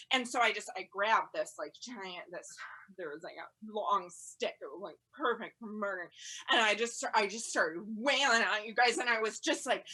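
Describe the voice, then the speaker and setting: A woman doing stand-up from home over a video call, rambling and chatty with lots of "like", breaking into loud yelled quotes. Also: mid-range voice, normal speed. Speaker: stand-up comedian.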